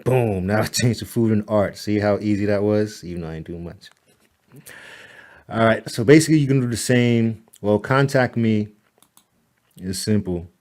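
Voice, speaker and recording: Man with a slightly low voice, talking a client through site edits: loose, repetitive, good-humored. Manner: relaxed, chatty, repeats "all right" and "boom"; laughs at himself, mutters to the slow computer. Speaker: web designer walking a client through site editing. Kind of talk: casual screen-recorded tutorial.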